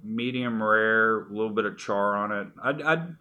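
A man's voice: fairly low pitch, normal speed, sharp tone, smooth. A middle-aged man in casual conversation, telling personal stories in a rambling way with frequent restarts. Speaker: guest.

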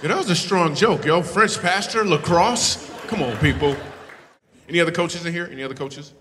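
This comedian's voice sits fairly high and moves at normal speed against a noisy background. Holding a handheld microphone at a live comedy show in a hall, he teases the audience in good fun and laughs frequently. The room is reverberant, and faint laughter rises from the live crowd.

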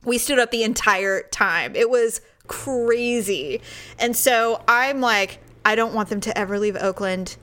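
A woman telling a story in casual chat, animated, with loud impressions of other people. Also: fairly high pitch, unhurried.

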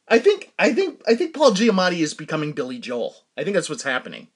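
Talking fast in a high, slightly rough voice with huge swings in pitch, this middle-aged Massachusetts man hosts his podcast alone. He rambles through casual stories and laughs frequently.

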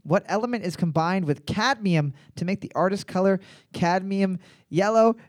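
A man's voice: sits high, moderate pace, no room sound, clean studio sound. A man in his thirties hosting a casual trivia quiz, reading questions twice and swearing freely between laughs. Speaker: quiz host.

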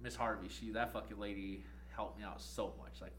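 A young man on a podcast telling a story in a casual, profane, animated way, laughing often. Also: lowish voice, a little fast, slight background noise. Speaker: podcast co-host.

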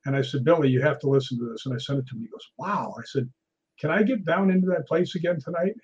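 A man tells his ghost-hunting stories with animated, anecdotal energy. His voice is husky and a little high. The recording sounds dull and lo-fi. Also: fast. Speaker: guest ghost hunter. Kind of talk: casual storytelling in conversation.

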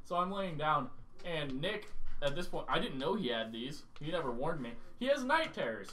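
A man's voice: a little high, big pitch swings, moderate pace, fairly bright tone, distant mic, a little hiss or hum. A young man co-hosting a podcast, telling a story casually and animatedly, swearing and laughing as he goes. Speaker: podcast co-host.

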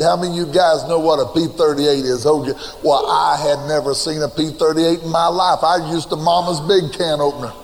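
Telling a folksy personal story from the pulpit, an older man hammers home repeated refrains in a fairly high voice. A faint hiss or hum sits under the recording, which carries the long reverb of a church hall.

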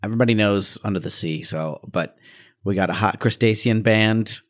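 A man's voice: fairly low pitch, normal speed. A man co-hosting a podcast, chatting casually about a film with dry, wry humor. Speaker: podcast co-host. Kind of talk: casual film-review chat.

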